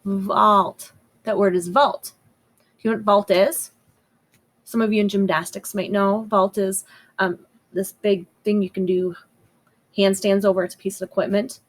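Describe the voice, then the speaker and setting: A woman teaching first graders a phonics lesson, slowly and patiently sounding out each word. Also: medium pitch, flat delivery, rough recording. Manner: sounds out words slowly and clearly. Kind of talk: slow, patient phonics lesson for young children.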